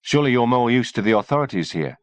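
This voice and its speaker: A man's voice: medium pitch, animated, fast, dry recording, pitched above the performer's own voice, lightly acted. A man voicing a blunt, tough army sergeant who speaks dryly, in an audiobook reading.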